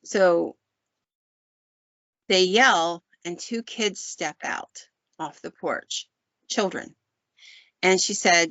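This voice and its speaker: Woman podcast host, fairly low voice, casual chatty storyteller, dry dull recording. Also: takes it slowly, creaky, pauses often, a bit bright, no echo. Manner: chatty, loose, with fillers like "um" and "like".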